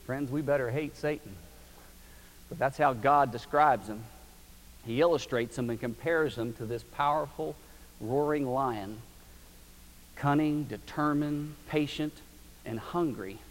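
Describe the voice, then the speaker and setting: Man preaching in a reverberant hall. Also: on the high side. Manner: folksy storytelling, emphatic. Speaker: pastor. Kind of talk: sermon.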